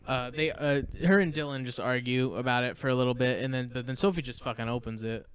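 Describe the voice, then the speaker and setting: A young man co-hosting a podcast, casually recapping a movie with swearing and quick mock voices for the characters. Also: mid-range voice, fairly even intonation, smooth. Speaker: podcast co-host.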